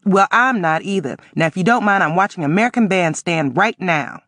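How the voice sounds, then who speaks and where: A wary teenage girl snaps back in a cold, clipped voice, as a man reads her lines in an audiobook. Her pitch sits raised and bright. The recording is dry and close with no room sound. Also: animated, a little fast, dry recording. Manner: cold, snappy, sassy. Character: sharp, guarded teenage girl.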